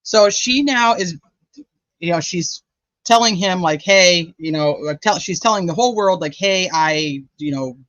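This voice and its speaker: Hosting a true crime channel, this man speaks at an ordinary pace with a high, lively, fairly bright voice, casually peppering his talk with "like" and "you know." There's no room sound, and the recording is dry, dull and lo-fi.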